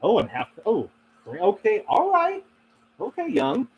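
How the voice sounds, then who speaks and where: A man's voice: high voice, wildly swooping pitch, measured pace, highs cut off, slight background noise. A man hosting a casual live stream, reading and answering chat, rambling with many fillers and frequent laughs. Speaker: paranormal channel host reading live chat.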